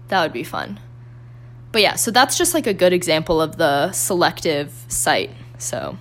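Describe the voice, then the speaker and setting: A woman's voice: fairly low pitch, a bit bright. Chatty young woman, self-deprecating podcaster. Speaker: podcast host. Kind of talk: casual solo podcast chat.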